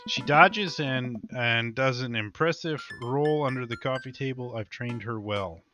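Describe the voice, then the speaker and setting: A young man reading a visual novel aloud as a let's-play host, animated and jumping higher in pitch for the dialogue. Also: a little slow, faint music behind.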